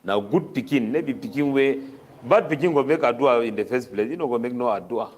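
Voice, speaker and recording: A man preaching a Ramadan tafseer sermon in Cameroonian Pidgin English, chanting Arabic verses rapidly between his explanations. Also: medium pitch, lively intonation.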